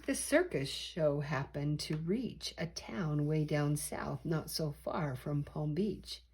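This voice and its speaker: Lively older woman reading a picture book. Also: lowish voice. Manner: lively, expressive, rhyming read-aloud. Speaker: storyteller.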